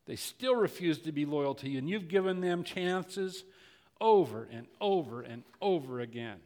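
A pastor whose voice sits on the high side, with a darkish tone and lively intonation, preaches a little slowly. He builds intensity with frequent repetitions, and his words echo in long hall reverb.

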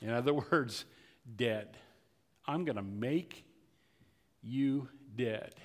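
Impassioned preacher in a reverberant hall. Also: male voice, medium pitch, slow pace. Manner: preaching with rising intensity and frequent repetitions. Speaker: pastor. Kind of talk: sermon.

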